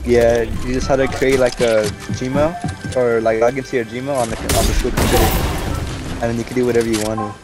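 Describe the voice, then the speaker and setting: A man talks loosely with friends during an online match, his sentences trailing into fillers. He sounds like he's on a headset, and loud game music with bursts of gunfire plays behind him. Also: medium pitch, flat delivery, a little fast. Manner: laid-back, rambling with fillers. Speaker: gamer in a party voice chat. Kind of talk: casual gaming chat.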